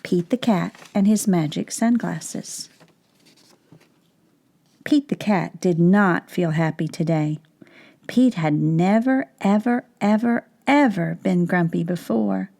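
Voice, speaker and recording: A woman teacher reading a picture book aloud to young children, slowly and clearly, pausing to ask them questions. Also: fairly low pitch, mellow. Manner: slow, clear, asks questions of child viewers.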